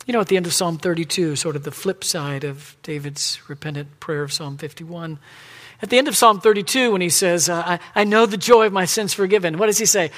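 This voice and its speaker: A man with a high voice preaching a sermon. He drops to hushed whispers, then rises to loud, emphatic pleading, and acts out God and the people in quoted lines. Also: fairly quick. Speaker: pastor.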